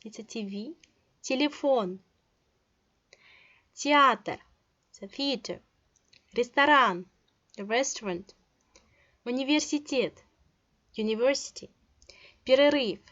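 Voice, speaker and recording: In a slow online language lesson, a young woman from Russia speaks English with a Russian accent, reading words individually, adding brief glosses and hesitant fillers. Her voice is a little high and somewhat bright, though the recording cuts off the highs.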